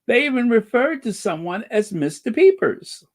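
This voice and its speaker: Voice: medium pitch, expressive, a little slow, hardly any pauses. A channel host giving casual commentary and reading out viewer comments, drawling and sarcastic with playful wordplay asides.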